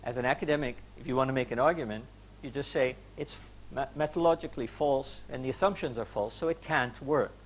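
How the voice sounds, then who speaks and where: A man's voice: medium pitch, fast, a little hiss or hum. A man giving an academic lecture to students, emphatic and conversational, with rhetorical questions and some hesitation fillers. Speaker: university lecturer. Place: lecture hall.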